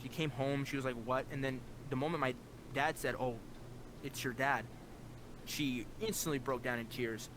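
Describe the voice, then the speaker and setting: A man's voice: mid-range voice, fairly even intonation, moderate pace. Earnest young man over a noisy line. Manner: earnest, heavy use of "like" fillers, voice jumps up when quoting himself. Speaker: guest. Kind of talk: casual personal storytelling.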